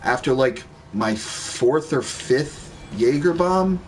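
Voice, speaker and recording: A man's voice: mid-range voice, a bit bright, slight background noise. A man casually telling a rambling story while gaming, laid-back and swearing freely. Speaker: gaming streamer.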